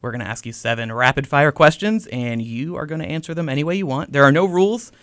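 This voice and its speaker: A man's voice: a little high, a bit bright, smooth, dry recording. A man from Boston hosting a podcast interview, playful and joking. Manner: joking, fast-talking, playful. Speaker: podcast host.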